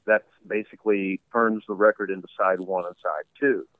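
This musician guest, interviewed in his home basement studio, talks in a loose, rambling way with lots of fillers and laughs. His voice is low-pitched, fairly even in intonation, and fairly quick. The recording is dry, narrow, and tinny.

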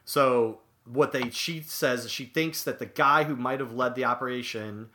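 Male podcast co-host, bright and crisp tone, casual halting delivery. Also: medium pitch, slight background noise. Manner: halting, repeats words, searches for names. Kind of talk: casual chat recapping a TV episode.

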